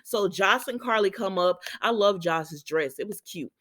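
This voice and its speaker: A woman chatting casually as she recaps a soap opera, animated and opinionated, with sassy asides and remarks aimed at the characters. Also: medium pitch. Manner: drawn-out exclamations and sassy asides.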